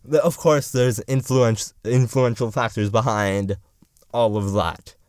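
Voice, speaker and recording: A young adult political vlogger goes on a loose, sarcastic, profanity-laced rant about politics. His smooth, clear voice sits at a middle pitch with a steady, darkish tone, and he speaks unhurriedly. The recording is close and dry, with no room sound.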